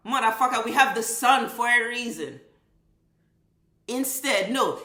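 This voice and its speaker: A woman's voice: fairly high pitch, pushed and bright, reverberant. A woman vlogger delivering an impassioned, profane commentary rant, driving her points home with emphatic repetition.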